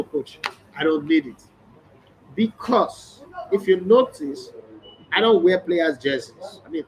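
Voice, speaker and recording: A middle-aged man with a Nigerian accent talks straight to camera in a casual vlog, pressing his points hard and playing out both sides of remembered conversations. His voice sits a little high for a man, with a faint ambient hum underneath. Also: rough recording. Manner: emphatic, storytelling, acts out quoted exchanges. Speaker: sports journalist and channel host. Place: hotel room or indoor space, background ambience.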